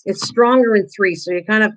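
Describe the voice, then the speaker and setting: A woman's voice: mid-range voice, a little fast, poor audio. An older woman hosting a casual live-stream craft tutorial, chatting with viewers, teasing them and laughing often.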